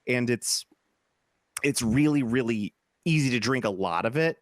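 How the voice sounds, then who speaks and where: A man in his forties talks loosely and rambles, tossing in jokes and laughing often. His voice sits at an ordinary middle pitch. It is recorded close and dry, with no room sound. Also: expressive, measured pace, no room sound. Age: 40s. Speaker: podcast co-host. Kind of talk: casual chat.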